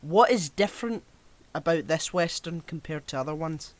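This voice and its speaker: A man's voice: on the high side, animated, normal speed. A man co-hosting a podcast, talking casually and steering the film discussion as he recounts scenes. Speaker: podcast co-host.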